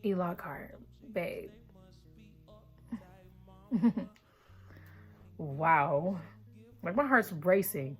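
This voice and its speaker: A woman's voice: lowish voice, drawn-out words, pauses often, breathy edge, soft background music. A young woman casually recapping a book for her vlog, chatty and blunt, with a lot of cursing. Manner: chatty, profane, animated retelling. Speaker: book reaction vlogger.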